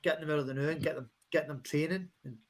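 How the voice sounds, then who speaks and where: A Scottish man chatting on a football podcast, swearing freely and stumbling over restarts. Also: a little high. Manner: sweary, halting with many restarts. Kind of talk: casual post-match chat.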